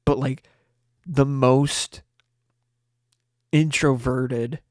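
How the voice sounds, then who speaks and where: A man's voice: a little high, takes it slowly, long pauses, no echo, studio quality. A man hosting a late-night podcast, chatting in a rambling, upbeat way full of fillers and restarts. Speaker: podcast host.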